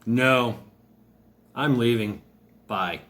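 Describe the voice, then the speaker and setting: A man's voice: medium pitch, drawn-out words, fairly bright tone, slight background noise. A man doing a curt, unimpressed warrior. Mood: dismissive. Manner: curt and unbothered. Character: calm, unimpressed legendary male warrior.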